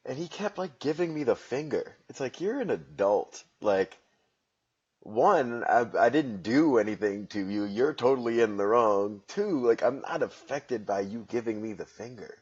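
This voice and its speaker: A man at a mid-range pitch spins a casual story on his podcast, swearing freely and poking fun at himself. The audio sounds dull and lo-fi, like a cheap podcast recording. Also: animated, normal speed, a little mellow, husky. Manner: profane, wry and self-mocking. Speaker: podcast host.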